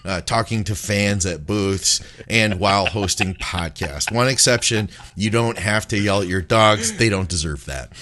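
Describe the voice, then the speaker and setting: A man's voice: on the low side, a little slow, hardly any pauses, pushed and bright. A man who produces and co-hosts a podcast, reading out listener questions in a laid-back way.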